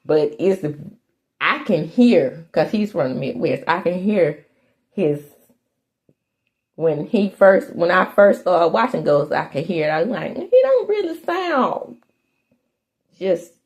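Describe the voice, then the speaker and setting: A middle-aged woman from Mississippi hosting a casual podcast, chatty and animated, full of slangy asides. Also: on the low side, unhurried. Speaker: podcast host recapping a TV soap. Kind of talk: casual chat.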